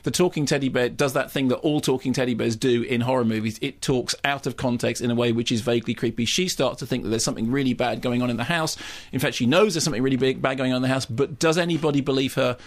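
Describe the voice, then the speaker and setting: A man reviewing a film on the radio, animated, often restarting and repeating words. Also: medium pitch, quick pace, few pauses. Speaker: film critic.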